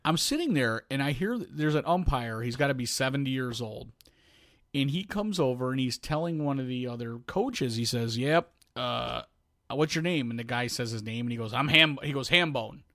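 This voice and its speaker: Here a middle-aged male podcast co-host spins a casual yarn, bringing it to life by imitating each person's quoted lines. The recording is clean studio sound without room sound, and his medium-pitched voice moves at a brisk clip.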